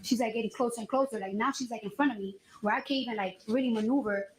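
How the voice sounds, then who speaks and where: A woman in her thirties giving courtroom testimony, telling her story in an animated, slangy way and acting out the dialogue. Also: fairly high pitch, fast talker, a little hiss or hum, poor audio. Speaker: trial witness.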